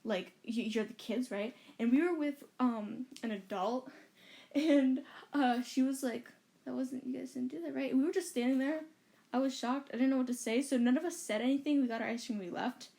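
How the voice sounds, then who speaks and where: A woman with a fairly high voice chats loosely as a podcast co-host. She tells a story in a rambling way, with lots of fillers and quoted lines. She is recorded in a bedroom. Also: moderate pace, mellow. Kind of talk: casual chat, storytelling.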